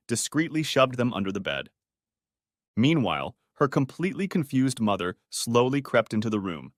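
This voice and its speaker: A man's voice: medium pitch, no room sound, studio quality. A man narrating a scripted story, reading steadily and voicing every character himself.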